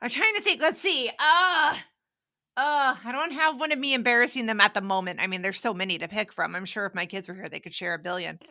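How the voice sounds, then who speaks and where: A woman's voice: a little high, fairly quick. A middle-aged woman co-hosting a parenting podcast, telling family stories in casual chat and acting out her kids' lines. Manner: animated storyteller, acts out her kids' lines. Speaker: podcast co-host.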